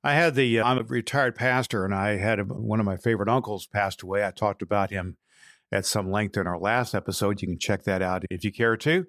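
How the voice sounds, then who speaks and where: A man's voice: on the low side, brisk, a bit bright, no room sound, clean studio sound. A man in his sixties, a retired pastor, hosts a podcast and talks in an earnest, storytelling way with frequent restarts. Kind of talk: casual podcast monologue.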